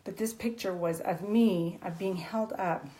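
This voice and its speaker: A woman's voice: medium pitch, a little slow, dark tone, poor audio. A woman author guest on a video call, earnestly sharing an emotional personal testimony, tearful at times, with many fillers and restarts.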